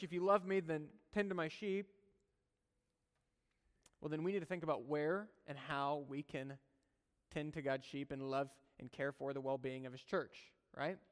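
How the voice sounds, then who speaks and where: A man's voice: high voice, clean tone. A male pastor preaching a sermon, earnest and conversational, with humorous personal asides. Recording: long hall reverb.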